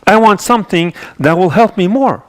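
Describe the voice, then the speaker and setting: A man delivering a mosque sermon, his voice sitting a bit higher than most men's. He speaks earnestly, circling back and restarting his phrases as he goes. The sound is dry and close, with no room echo. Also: expressive, normal speed, fairly bright tone. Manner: earnest, repetitive with frequent restarts and fillers. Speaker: imam giving Friday sermon.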